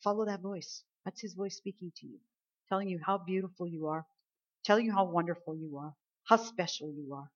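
A woman preaching a sermon, dropping to soft, low lines and then rising into loud, drawn-out emphasis. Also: dull audio.

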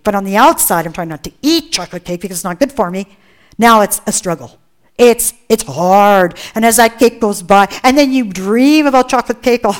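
Earnest woman preaching, fairly high voice. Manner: earnest and emphatic, with rhetorical questions. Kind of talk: sermon.

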